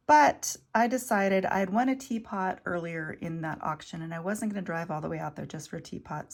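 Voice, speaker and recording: Casual woman vlogger with a low, gravelly voice, enthusiastic, sometimes hushed. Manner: chatty, enthusiastic, drops to soft near-whispers over delicate pieces. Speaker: vintage jewelry reseller showing finds. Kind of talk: casual show-and-tell vlog.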